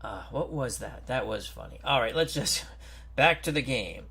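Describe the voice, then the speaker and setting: A man hosting a football strategy game stream, reading out team rosters and greeting viewers in a chatty, unhurried way. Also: mid-range voice, expressive, pushed and bright, husky. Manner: slow, chatty, greets viewers and stumbles over names. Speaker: host. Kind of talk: casual game commentary.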